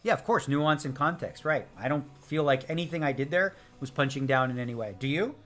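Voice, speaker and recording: A man's voice: a little high, fairly quick, a bit bright, soft background music. A man live-streaming a poker session, chatting casually with viewers in a brash, joking way and answering their chat messages. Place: home streaming setup.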